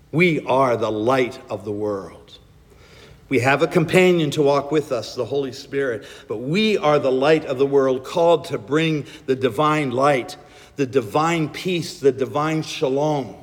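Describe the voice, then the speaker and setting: A male pastor preaching a sermon and leading a breathing prayer, slow and gentle in a measured way. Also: medium pitch. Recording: long echo of a large hall.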